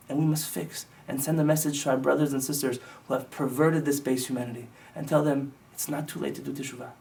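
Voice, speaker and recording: A man's voice: medium pitch, a little mellow, distant mic. A male rabbi giving a sermon-like teaching, telling stories with impassioned, emphatic build-ups. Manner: impassioned storytelling that swells into emphatic lists.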